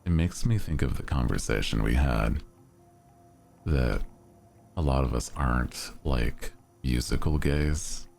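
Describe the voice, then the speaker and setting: With faint music in the background, a man hosting a live stream talks casually in a creaky, slightly mellow bass voice, going a bit slowly. His sing-song, lilting speech climbs upward as sentences end.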